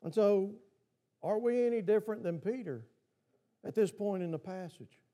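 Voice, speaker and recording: A man's voice: sits high, moderate pace, dark tone. A man preaching a sermon to his congregation, who keeps asking them questions. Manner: asks the congregation repeated questions. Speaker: pastor. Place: church.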